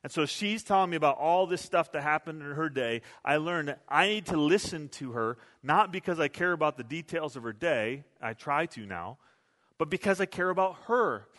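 A man's voice: a little high, expressive, moderate pace, fairly bright tone, long reverb tail. A male pastor preaching a sermon in a conversational, self-deprecating storytelling way, recorded in a church sanctuary.

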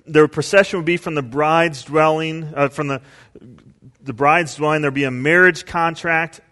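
A male pastor preaching a sermon, telling stories and acting out quotes with big swings in pitch and volume. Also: fairly bright tone, in a large hall.

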